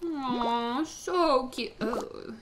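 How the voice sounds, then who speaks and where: A young woman gaming YouTuber giving playful, gushing let's-play commentary, quick to laugh at her own jokes. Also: high voice, noisy background.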